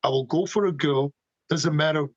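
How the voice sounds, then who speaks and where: A man's voice: on the high side, moderate pace, no room sound, dull audio. A man speaking passionately as a podcast guest, firing off emphatic rhetorical questions. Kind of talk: animated conversational opinions.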